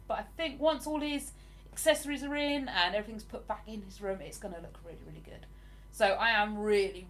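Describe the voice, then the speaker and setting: A woman's voice: mid-range voice, slight background noise. Chatty southern English woman. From England (Hertfordshire). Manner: chatty and enthusiastic, laughs often. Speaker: livestream host. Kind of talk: casual live chat, reading viewer comments.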